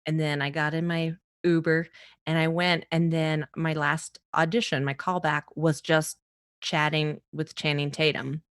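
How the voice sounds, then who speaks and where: With a deep, unhurried voice, a female comedian from the US East Coast tells a story as a guest on a casual podcast. She's animated, laughs often, and impersonates the people she quotes.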